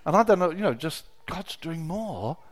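A middle-aged man preaching a sermon, telling personal stories with emotion, dropping to a hush and then rising to loud exclamations. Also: on the high side, very animated, moderate pace. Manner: emotional, swings from hushed storytelling to loud exclamation.

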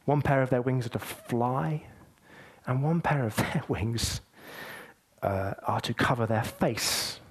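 A man's voice: medium pitch, slow, husky. A young man preaching a sermon in an earnest, conversational, heartfelt way.

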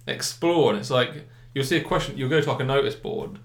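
A man's voice: medium pitch, lively intonation, quick pace, gravelly. Young guy rambling about games, says like a lot, echoey room. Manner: rambling, filler-heavy, enthusiastic. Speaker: gaming podcast co-host. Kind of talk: casual chat.

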